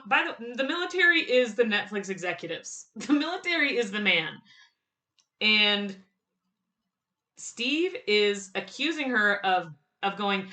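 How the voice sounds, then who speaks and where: A woman giving casual, excited fan commentary on a TV show, laughing often and quoting lines in quick bursts. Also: on the high side.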